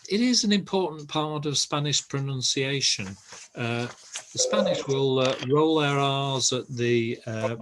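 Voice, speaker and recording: An older man giving a relaxed, reassuring language lesson, pausing often with ums and uhs. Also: mid-range voice. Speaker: Spanish teacher.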